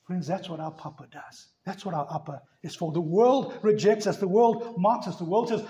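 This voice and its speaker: A man's voice: high-pitched, moderate pace, hardly any pauses, warm tone. A man preaching a sermon as pastor, telling stories with emphatic, rising delivery. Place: church.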